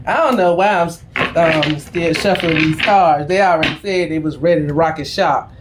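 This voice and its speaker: A woman's voice: low voice, normal speed, slight background noise. A middle-aged woman, a tarot reader, telling a story in a casual, slangy and profane way before her reading.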